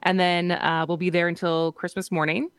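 A woman's voice: fairly low pitch, flat delivery, moderate pace, clean tone, dry recording. A woman in her thirties co-hosting a radio show, telling stories in a chatty way. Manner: chatty, storytelling with fillers. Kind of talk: casual radio chat. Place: radio studio. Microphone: studio microphone.

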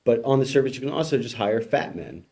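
Male co-host, average pitch, wry and matter-of-fact, casual headline chat. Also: animated, fast, creaky, a little mellow, slight background noise. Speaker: radio co-host presenting headlines. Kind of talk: casual radio talk.

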